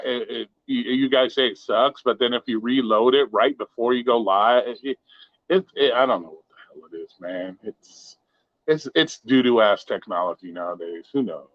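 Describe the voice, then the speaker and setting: A man's voice: medium pitch, dry recording. Male livestream host, loose and profane, rambling chat from his bedroom. Dry, dull home-mic sound. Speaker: live stream host. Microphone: modest home mic. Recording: dull lo-fi home stream audio.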